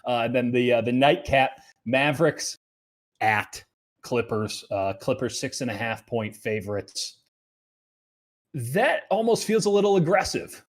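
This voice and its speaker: A man hosting a sports betting show, talking casually and loosely, often dropping into quiet asides. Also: mid-range voice, animated, a little slow.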